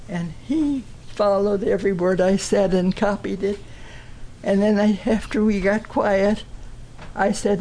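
A woman's voice: mid-range voice, steady tone, measured pace, mellow, slight background noise. A woman giving an earnest, emotional personal testimony to a church gathering.

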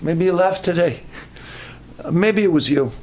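A man's voice: high voice, unhurried, a little mellow, a little hiss or hum. A man preaching a sermon at a camp meeting, earnest and given to repeating his words.

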